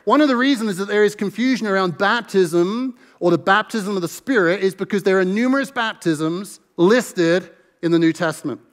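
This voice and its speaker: An American pastor preaches an earnest sermon in a church sanctuary, reading scripture aloud with emphasis. His voice is high-pitched and his pace normal, with a long reverb tail trailing each phrase.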